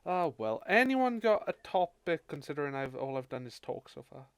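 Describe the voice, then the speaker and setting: A man's voice: on the high side, big pitch swings, normal speed, clean tone, no room sound. A young man hosting a casual podcast chat, laid-back and mostly giving short replies. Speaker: podcast host.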